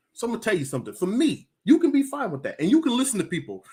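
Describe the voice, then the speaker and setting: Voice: mid-range voice, huge pitch swings, quick pace, darkish tone. A vlogger giving a heated, emphatic personal rant to camera, repeating points for emphasis and telling stories. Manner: emphatic, repetitive, storytelling with acted quotes. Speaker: video commentator.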